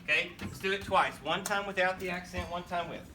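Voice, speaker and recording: A man leads a school band class from across a bright, echoing room, his fairly high voice carrying over steady room noise. He counts beats aloud, calls on students by name and urges them on. The recording sounds distant and roomy. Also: brisk. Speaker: band teacher. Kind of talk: classroom instruction. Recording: echoey room, voice from far off, noisy. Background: students and instruments.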